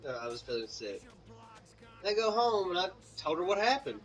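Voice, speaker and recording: Bright Southern US man rambling through a story. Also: sits high, very animated, fairly quick, distant mic, faint music behind, low-quality recording. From Mississippi, US. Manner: rambling, many fillers and asides to the game. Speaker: gaming channel co-host. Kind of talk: casual storytelling over gameplay.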